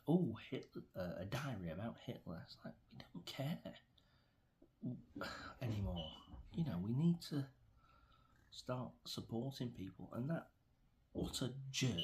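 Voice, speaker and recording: Deep-voiced English man ranting. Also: darkish tone, a little hiss or hum. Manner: meandering, opinionated, many fillers and restarts. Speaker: vlogger. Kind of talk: rambling opinion rant to camera.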